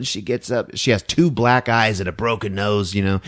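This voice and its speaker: Hardly pausing, a podcast host with a lowish voice talks a little fast through a casual movie recap. He laughs a lot and animatedly acts out parts of the plot.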